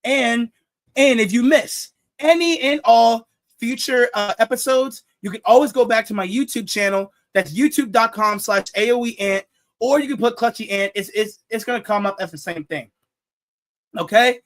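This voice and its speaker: A young man with a high voice hosts a casual sports talk show. He jokes, laughs at his own jokes and repeats his words as he goes. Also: normal speed. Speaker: show host.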